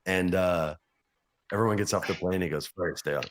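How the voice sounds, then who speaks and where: Deep-voiced and speaking at normal speed, a forties-aged podcast guest recounts foul-mouthed tales from backstage. The chat is casual and animated, with him voicing the other characters.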